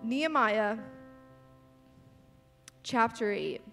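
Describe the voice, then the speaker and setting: A young woman giving a casual sermon, chatty and animated, with frequent asides to the audience and lots of "like". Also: on the high side, extremely slow, gravelly, soft background music.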